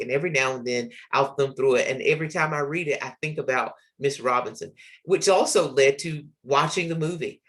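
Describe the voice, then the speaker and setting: A man's voice: mid-range voice, sharp tone. A man in his forties, hosting a literacy podcast, earnestly tells personal stories with the odd filler word. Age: 40s. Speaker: podcast host, literacy educator. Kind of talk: reflective personal storytelling.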